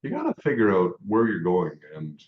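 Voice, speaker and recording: A man's voice: sits low, huge pitch swings, fairly quick. A man hosting an interview podcast, joking with his guest and asking questions with a few hesitations. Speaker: podcast host. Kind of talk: casual interview. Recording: dull muffled audio.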